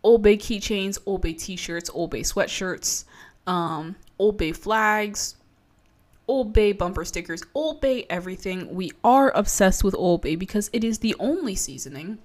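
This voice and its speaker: A woman's voice: mid-range voice, expressive, unhurried, darkish tone. Brief: young woman from Maryland, vlogger, loose and profane, rambling casual chat. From Maryland, USA. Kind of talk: casual reaction chat to an article.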